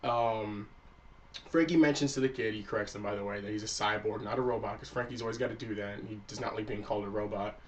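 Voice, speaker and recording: A man's voice: fairly low pitch, fairly even intonation, quick pace, recorded from a distance, a little hiss or hum. A man reviewing an anime episode in a loose, casual recap, swearing freely and acting out the characters' lines.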